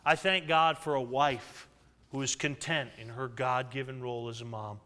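A man's voice: mid-range voice, steady tone, moderate pace, pushed and bright. A pastor in his thirties preaching a sermon, calling out for amens from the congregation. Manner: call-and-response preaching with frequent amens. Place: church sanctuary. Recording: echoey hall reverb.

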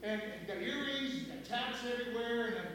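High-voiced preaching man in an echoey church. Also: fairly quick, a bit bright, slight background noise. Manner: impassioned preaching with repetitions and restarts. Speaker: pastor. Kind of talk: sermon. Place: church sanctuary.

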